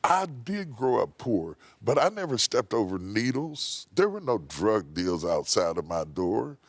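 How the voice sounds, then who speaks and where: Emphatic preacher telling a story. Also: male voice, lowish voice, big pitch swings, unhurried, no echo. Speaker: bishop. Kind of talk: interview storytelling. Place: TV studio.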